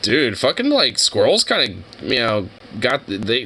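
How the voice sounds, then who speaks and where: Bright-toned, profane young man rambling. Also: mid-range voice, huge pitch swings, measured pace, slight background noise, poor audio. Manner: profane, rambling, full of fillers. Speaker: streamer reacting to videos. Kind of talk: casual chat.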